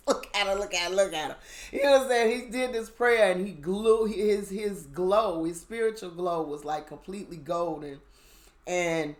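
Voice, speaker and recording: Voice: medium pitch, a little mellow. A spiritual storyteller retelling a story in a loose, slangy way, full of fillers and asides. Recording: echoey room.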